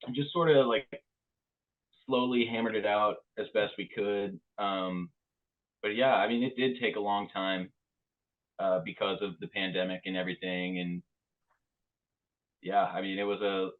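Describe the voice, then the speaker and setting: An easygoing man from Louisville answers interview questions, pausing with plenty of ums. His voice sits low. The sound is thin and tinny, like a phone line. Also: fairly even intonation. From Louisville, Kentucky. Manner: easygoing, hesitant, many ums. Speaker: band member guest. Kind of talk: casual interview chat.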